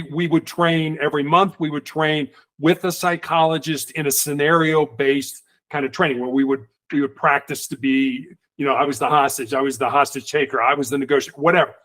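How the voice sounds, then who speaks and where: A middle-aged man, a guest in an interview, telling stories in a lively conversational way and acting out the people he quotes. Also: fairly high pitch. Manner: animated, acts out quoted voices. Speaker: guest, former hostage negotiator.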